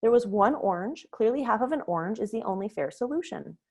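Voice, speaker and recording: A woman's voice: fairly high pitch, expressive, brisk, darkish tone. A woman voicing an exasperated mother of two teenagers who scolds and questions them. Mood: puzzled.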